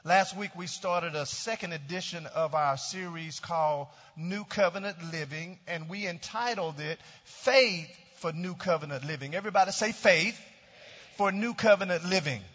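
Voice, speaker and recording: A man's voice: high voice, moderate pace, a bit bright. A man preaching a sermon as pastor, leading his congregation in call-and-response declarations. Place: church sanctuary. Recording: dull lo-fi church hall recording with long reverb.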